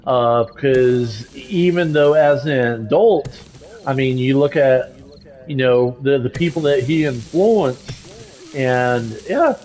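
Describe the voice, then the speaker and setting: A man's voice: medium pitch, slow pace, a little mellow. A man chatting casually while building in a video game, hesitant with lots of fillers, swearing at the game when it goes wrong. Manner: frustrated, hesitant, many restarts and fillers. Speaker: streamer playing a building game. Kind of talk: casual chat while gaming.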